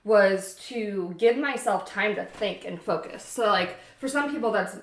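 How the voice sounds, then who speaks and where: A woman's voice: mid-range voice, measured pace, echoey room. A woman, the host's sister, chatting casually in a home kitchen. She rambles and laughs often. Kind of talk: casual chat.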